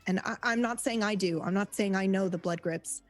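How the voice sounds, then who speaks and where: A woman's voice: medium pitch, brisk, faint music behind, natural voice. A woman voicing a blunt, cautious adventurer who speaks plainly and practically. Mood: wary.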